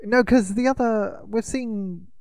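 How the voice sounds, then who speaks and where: A man co-hosting a podcast, teasing and steering the chat along. His voice has a gravelly, fry-laden edge. The recording is dry and close. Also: high voice, slow pace, darkish tone, no room sound. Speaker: podcast co-host. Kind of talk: casual chat.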